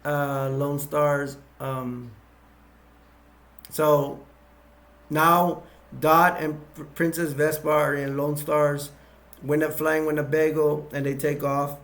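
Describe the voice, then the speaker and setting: Man, amateur movie reviewer, gravelly, slightly higher voice, halting, rambling scene recap. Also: flat delivery, a bit bright. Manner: halting and rambling, many restarts, chuckles as he goes. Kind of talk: casual scene-by-scene retelling.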